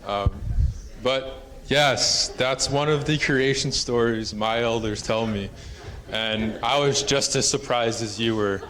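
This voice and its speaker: This conference presenter narrates a traditional tale in a hall, his medium-pitched voice fairly bright and his pace slow. The storytelling is loose and rambling, peppered with fillers.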